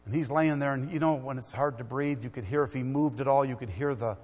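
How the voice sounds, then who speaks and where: A middle-aged man preaches in a church, rising to loud exhortation and then dropping to hushed storytelling. His voice sits at an ordinary pitch. It rings with the long reverb of a big hall. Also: fast talker, slightly rough. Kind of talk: sermon.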